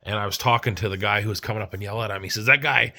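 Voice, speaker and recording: A man's voice: on the low side, flat delivery, very fast, bright, forceful tone. A man from Canada telling a rambling, profane story in a casual vlog, acting out the people he quotes. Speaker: vlogger.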